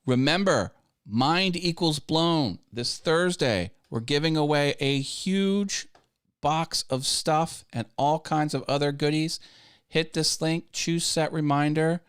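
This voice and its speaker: A man's voice: on the high side, a little slow, clear, resonant tone. Guy chatting on his live show, rambles, trips over words, chuckles a lot. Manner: rambling, self-interrupting, laughs at own jokes. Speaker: YouTube live show host. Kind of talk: casual live-stream chat.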